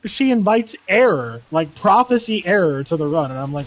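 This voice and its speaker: Heated, fast-rambling casual man, high-pitched. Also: sing-song, poor audio. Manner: heated, swearing, rapid tangents. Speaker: gamer. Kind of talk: casual chat.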